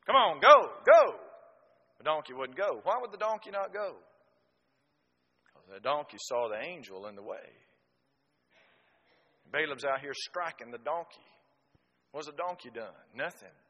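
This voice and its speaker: A man's voice: fairly high pitch, very animated, normal speed, long pauses, lo-fi sound. Man preaching in a reverberant hall. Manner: folksy storytelling, swings from loud exclamations to quiet asides. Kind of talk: sermon.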